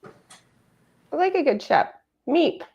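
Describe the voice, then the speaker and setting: A woman's voice: medium pitch, expressive, moderate pace, creaky, fairly bright tone, dull audio. A woman hosting a casual livestream chat, chatty and playful, laughing often. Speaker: host.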